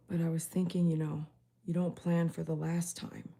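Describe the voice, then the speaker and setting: A woman's voice: low voice, creaky, warm tone. A middle-aged woman at home, talking tenderly and emotionally about her dogs in a casual vlog. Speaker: dog groomer and rescuer. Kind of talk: casual vlog talk to camera.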